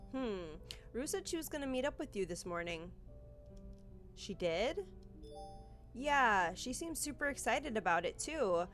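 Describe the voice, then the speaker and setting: A woman's voice: fairly high pitch, a bit bright, pitched above the performer's own voice, heavily acted. A woman voicing a cheerful young female roommate in a story game, breezy and teasing, with faint music underneath.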